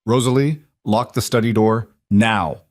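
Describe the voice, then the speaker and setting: A man's voice: on the low side, a little slow, dry recording, clean studio sound, lightly acted. A man doing a commanding mafia boss. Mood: urgent. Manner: clipped urgent orders. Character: commanding male mafia boss under pressure.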